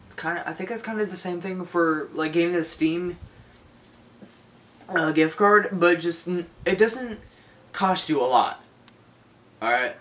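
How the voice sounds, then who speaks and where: Young male vlogger, fairly high voice, rambling, repetitive, lots of restarts. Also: fairly bright tone. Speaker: YouTuber. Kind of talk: casual unscripted vlog talk.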